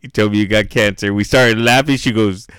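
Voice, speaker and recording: A man's voice: fairly low pitch, steady tone, brisk, fairly bright tone, clear, resonant tone, dry recording, studio quality. A man co-hosting a podcast in casual chat, joking and laughing often. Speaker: podcast co-host.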